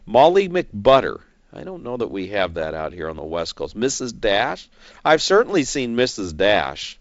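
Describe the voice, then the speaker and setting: A man's voice: fairly low pitch, big pitch swings, moderate pace, no echo, highs cut off. A man giving casual, folksy commentary on stocks and dividends, chatty and joking as he goes. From California, United States.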